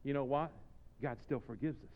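A man preaching a sermon as pastor, swinging from low, joking asides to shouted exhortations in plain-spoken language. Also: fairly quick. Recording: reverberant, slightly dull hall recording.

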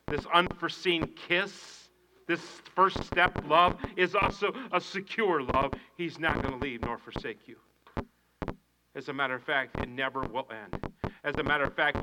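A male pastor preaching a sermon with passion, swinging from hushed to shouting and repeating his phrases. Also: a little high, noisy background.

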